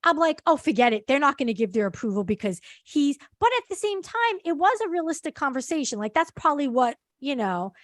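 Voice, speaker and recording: A woman's voice: sits high, very animated, dry recording. A woman hosting a podcast, chatting casually and earnestly, with frequent "um"s and agreeing "yeah"s. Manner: measured, earnest, lots of "um" and "yeah". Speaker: podcast host. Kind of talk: casual chat recap.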